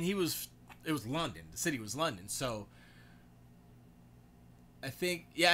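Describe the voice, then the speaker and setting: A man's voice: medium pitch, sharp tone, slight background noise. A man hosting a casual livestream, rambling and reading chat comments aloud as he goes. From United States. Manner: rambling, reads chat aloud, self-correcting. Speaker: livestream host.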